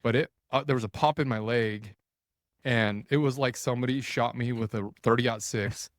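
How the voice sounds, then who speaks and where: A man in his forties, a podcast guest, telling a story in a casual, animated way, full of restarts and quoted thoughts. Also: mid-range voice, moderate pace, no echo, clean studio sound. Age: 40s.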